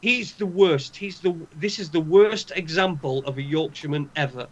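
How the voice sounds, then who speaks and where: A man's voice: a little high, normal speed. A man with a Northern English accent co-hosting a podcast, ranting with heavy swearing and strong opinions. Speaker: podcast co-host. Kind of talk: casual chat. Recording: dull lo-fi sound.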